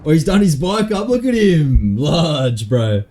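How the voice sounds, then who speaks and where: A man's voice: on the high side, very animated, measured pace, dark tone. An Australian man streaming, talking to chat out of character and thinking aloud about fixes.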